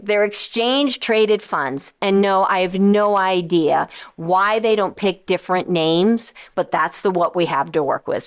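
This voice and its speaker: A woman financial advisor and radio host explaining investments in a casual, animated way, often acting out quoted voices of investors and funds. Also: medium pitch. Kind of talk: casual explanatory talk to listeners.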